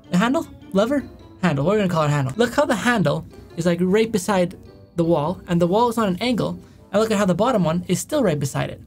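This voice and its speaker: A young man doing casual reaction commentary, rambling and correcting himself as he goes, often chuckling. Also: sits high. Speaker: YouTube commentator.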